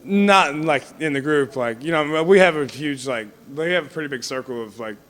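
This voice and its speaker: A man's voice: on the high side, expressive, a little fast, a bit bright. A young man in a casual interview, rambling through stories with lots of fillers and frequent laughter. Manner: rambling, heavy on fillers like "you know what I mean"; laughs often while telling stories. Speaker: wrestler being interviewed.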